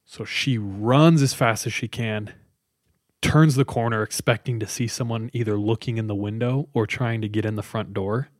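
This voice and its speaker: A man's voice: lowish voice, steady tone, normal speed, dry recording, clean studio sound. A man casually retelling a scary story to friends, chatty and loose, with lots of fillers. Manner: conversational, loose with many fillers.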